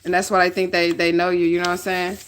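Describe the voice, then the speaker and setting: A woman reads tarot fast and in a monotone, her voice fairly low, with a little hiss or hum on the recording. Hailing from the northern United States, she's casual, blunt, heavy on the swearing, and keeps asking "okay?"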